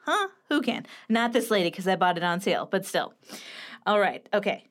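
A woman in her thirties hosting a casual writing show, chatty and playful, with quick asides, recorded at home. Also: on the low side. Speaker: writing coach and podcast host. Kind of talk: casual chat with book critique. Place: home room with a clicking heater.

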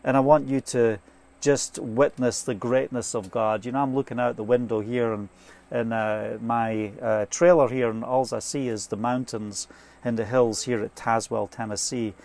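Inside a trailer, a man gives an earnest, fervent sermon in an informal style, weaving in stories and scripture quotes. His medium-pitched voice is a little mellow, at normal speed with fairly even intonation.

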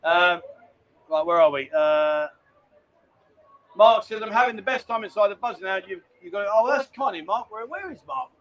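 Here the livestream host, speaking from a lounge bar, has a high, animated voice at a normal speed, and the highs are cut off in the recording. He keeps things chatty, reading out viewers' messages and addressing them as "mate."

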